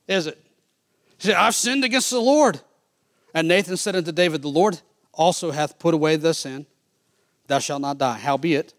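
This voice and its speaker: Male pastor, fairly high voice, sermon delivery, big dynamic swings between loud points and soft asides. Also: no echo, clean studio sound. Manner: preaching with strong swings from loud to quiet; reads scripture in King James wording.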